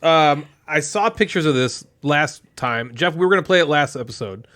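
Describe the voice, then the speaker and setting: A man co-hosting a board game podcast in casual chat, animated and laughing often. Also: on the high side, normal speed. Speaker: podcast co-host.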